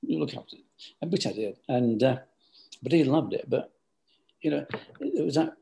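An older man telling stories from his business life in an interview. His voice is gravelly and worn at the edges. He rambles, stops and restarts his sentences as he feels his way back through the past. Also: medium pitch, expressive, moderate pace, warm tone. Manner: rambling, hesitant, many restarts. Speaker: business founder. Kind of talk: storytelling interview answers.

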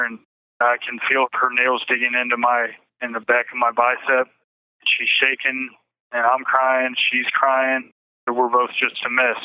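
A man's voice: medium pitch, smooth, no room sound. Man recounting events over tinny phone. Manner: halting, repeats himself, restarts sentences. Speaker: interview guest. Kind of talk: emotional personal account.

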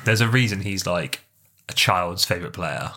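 A man with a lowish voice co-hosting a football podcast in easygoing chat. He spins jokey, vivid stories and swears freely along the way. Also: expressive, moderate pace, pushed and bright. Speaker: podcast co-host. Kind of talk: casual chat.

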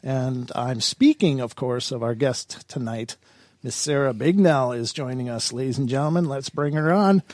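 A man's voice: medium pitch, moderate pace, a little mellow, no echo, clean studio sound. A man hosting a podcast in an upbeat, announcer-like way, with a few filler words. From United States. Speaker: podcast host. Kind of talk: enthusiastic show host.

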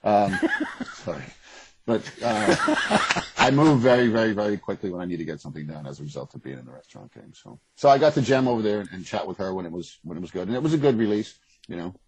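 Male interview guest, low husky voice, fast and blunt. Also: lively intonation, darkish tone, low-quality recording. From Boston area. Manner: rambling, frank, swears freely. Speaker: author and guest. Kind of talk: casual interview conversation.

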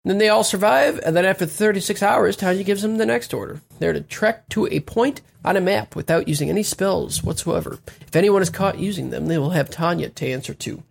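Gravelly laid-back man recapping. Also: high-pitched, fairly quick, few pauses. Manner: laid-back, plot-summarizing, wry. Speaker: podcast co-host recapping an anime. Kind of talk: casual recap chat.

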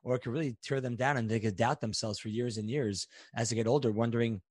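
A man hosts a podcast interview and muses thoughtfully before each question. His voice sits at a middle pitch. The recording is dry and close, with no room sound. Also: steady tone, fast talker, darkish tone, dry recording. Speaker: podcast host. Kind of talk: interview conversation.

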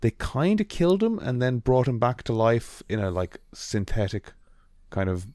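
A man's voice: medium pitch, big pitch swings, normal speed, warm tone, dry recording, studio quality. A man co-hosting a podcast in casual chat, rambling with frequent ums and restarts. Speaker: podcast co-host.

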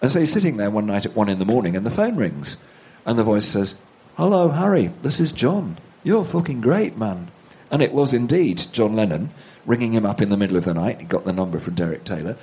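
An author being interviewed speaks fast in a fairly low, slightly mellow voice with lively intonation. He tells long anecdotes, acts out the voices he quotes, and laughs at his own stories in this conversational storytelling interview.

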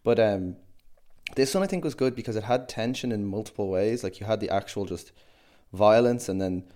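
Guy on a podcast, kinda low voice, rambling film recap, lots of "like". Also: fairly quick, mellow. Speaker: podcast co-host. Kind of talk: casual chat.

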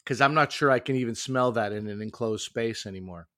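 A man's voice: mid-range voice, brisk, pushed and bright, dry recording, studio quality. Wry joking co-host, a man. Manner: joking, wry, self-deprecating. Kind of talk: casual banter.

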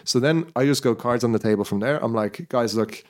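A man's voice: medium pitch, fast talker, darkish tone. A man hosting a casual podcast chat. He tells a long story in a rambling way and keeps checking in with his listeners as he goes. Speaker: podcast host.

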